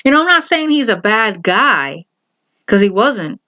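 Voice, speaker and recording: A woman's voice: a little high, sing-song, a little slow, sharp tone. A woman vlogging her opinions in a casual, emphatic way, repeating her points and speaking straight to the viewer.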